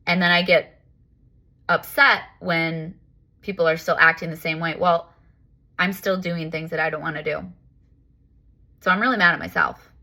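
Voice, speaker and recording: A woman giving a casual, reflective self-help monologue as a spiritual life coach, animated and emphatic, repeating herself for effect. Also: on the low side, moderate pace, pauses often.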